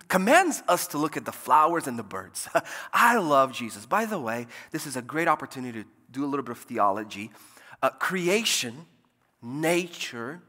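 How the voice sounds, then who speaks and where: A man preaching a lively, jokey sermon from a church pulpit, his bright voice carrying a long hall echo. He swings between loud, emphatic points and soft, quiet asides. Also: medium pitch. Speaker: pastor.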